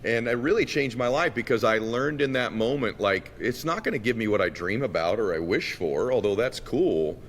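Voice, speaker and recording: A man's voice: moderate pace, few pauses. A man from Massachusetts, a guest telling a childhood story animatedly and acting out the voices. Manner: animated storyteller who acts out quotes. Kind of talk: storytelling in a conversation. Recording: long reverb, faint rumble.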